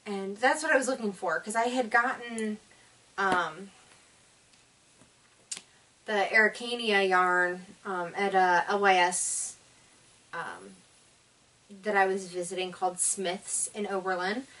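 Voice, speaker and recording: A woman's voice: mid-range voice, steady tone, slow pace, long pauses, sharp tone, recorded from a distance. A woman hosting a casual knitting vlog, chatty and enthusiastic but tired and yawning, rambling with many fillers. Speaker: knitting podcast host.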